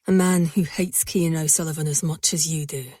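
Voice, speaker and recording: A woman voicing a dangerous but tender young mafia man in an audiobook, speaking low and intense, often in a whisper. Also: fairly even intonation, moderate pace, warm tone, no room sound, clean studio sound.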